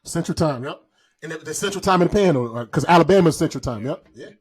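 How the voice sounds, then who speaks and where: Young man from Florida, podcast co-host; rowdy, joking delivery, voice sits a bit high. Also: lively intonation, fast talker, husky. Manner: loud, joking, breaks into improvised raunchy song. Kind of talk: casual comedic chat.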